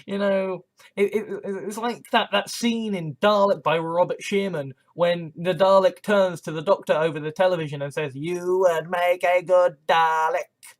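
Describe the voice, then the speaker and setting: In a mid-range voice with a steady tone, a vlogger talks casually and earnestly but agitatedly. The monologue rambles and halts, full of restarts, nervous laughs, and occasional swearing.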